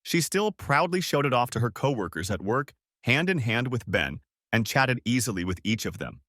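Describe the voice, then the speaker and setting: A man narrating an audiobook story in an expressive storytelling read. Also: medium pitch, moderate pace, dry recording, clean studio sound. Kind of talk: scripted narration.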